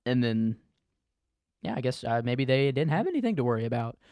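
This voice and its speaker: A man's voice: mid-range voice, very animated, a little fast, darkish tone, no room sound, studio quality. A man co-hosting a podcast, chatting casually about a movie in a rambling way, full of "like" and quoted bits of dialogue. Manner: rambling, many likes, acts out quoted lines. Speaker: podcast co-host. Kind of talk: casual movie review chat.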